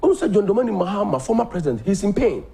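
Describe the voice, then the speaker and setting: A Ghanaian man hosting a political talk show, delivering animated commentary that mixes Twi and English. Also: high-pitched, rapid-fire, creaky. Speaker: host.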